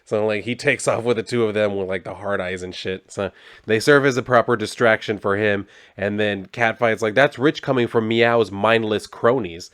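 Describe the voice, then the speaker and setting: A man's voice: lowish voice, fairly even intonation, normal speed, fairly bright tone, clear, resonant tone, no echo. A man casually recapping a comic book, laid-back and swearing freely.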